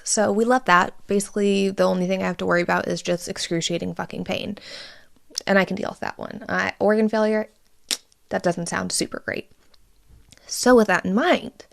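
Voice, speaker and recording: A young woman hosts her own podcast in a loose, chatty solo talk. Her voice has a gravelly fry at mid pitch. She swears freely and sounds emotional, close to tears. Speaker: podcast host. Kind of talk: casual solo podcast update.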